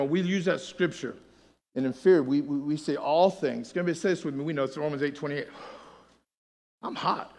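A middle-aged pastor preaching a sermon, swinging between shouted passages and quieter talk to the church. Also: male voice, on the high side, big-room sound. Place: church sanctuary.

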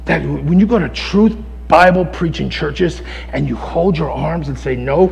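A middle-aged male pastor preaching a sermon, swinging from hushed, intense passages to loud, shouted exhortation. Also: on the high side, measured pace, creaky, long reverb tail, rough recording.

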